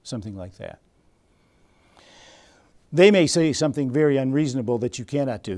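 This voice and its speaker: A man leads a training seminar in a lively, engaging way. He fires questions at the group and steps into little role-plays to make his points. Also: medium pitch, a little fast, pauses often. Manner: animated, quizzes the audience and acts out scenes. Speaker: seminar presenter. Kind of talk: interactive seminar teaching.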